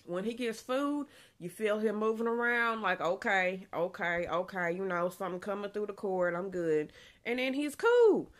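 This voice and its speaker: A woman's voice: mid-range voice, expressive, normal speed. A young woman, chatting casually in a pregnancy vlog, a bit out of breath, laughing often. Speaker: vlogger.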